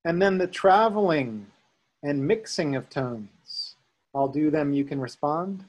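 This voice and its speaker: A man teaching a Sanskrit lesson, calmly explaining sounds and chanting tones for students to repeat. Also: fairly high pitch, a little slow, dull audio. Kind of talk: slow guided chanting lesson.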